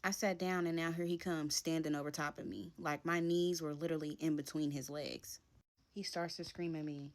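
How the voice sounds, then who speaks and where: A woman's voice: low-pitched, normal speed. Woman telling a dramatic storytime. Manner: animated, dramatic retelling in casual slang. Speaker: storytime vlogger. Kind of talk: casual storytime narration.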